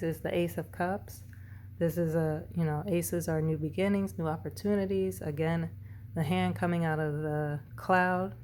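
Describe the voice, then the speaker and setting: A woman with a lowish, somewhat dark voice gives a casual tarot reading, rambling, tongue-tied and frequently correcting herself. A faint hiss or hum sits under the recording.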